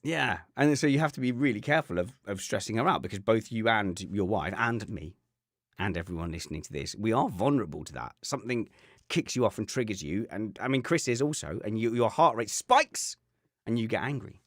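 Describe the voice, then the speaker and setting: A man's voice: lowish voice, lively intonation, a little fast, dry recording, clean studio sound. A man co-hosting a podcast, telling a rambling, wry anecdote in casual chat and often breaking off to restart his sentences. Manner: rambling, self-interrupting, wry. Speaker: podcast co-host.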